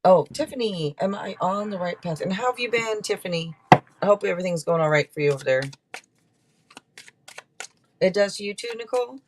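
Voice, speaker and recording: A woman's voice: medium pitch, lively intonation, a little fast, pauses often, noisy background. A woman hosting a live tarot stream, chatting casually and rambling through card meanings. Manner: chatty and rambling, with many restarts.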